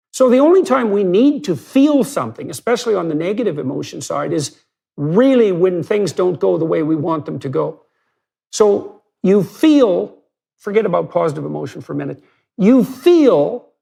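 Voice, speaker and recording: A man with a high voice for a man, roughened by a steady gravelly fry. He talks in an analytical, lecturing way, blunt and emphatic, and builds his case step by step through examples. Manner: emphatic and blunt, with vivid hypotheticals. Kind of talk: analytical lecture-style conversation.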